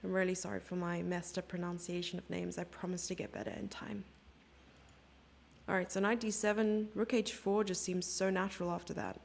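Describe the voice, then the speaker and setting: A woman's voice: on the low side, level tone, brisk, creaky, slight background noise. A woman from Germany giving casual, self-mocking live chess commentary, chatting with her viewers and thinking aloud over the moves.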